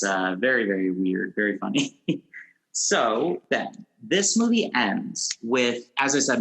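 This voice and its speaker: A man's voice: fairly low pitch, pushed and bright, low-quality recording. A man hosting a casual movie podcast, asking long rambling questions and laughing often. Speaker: podcast host.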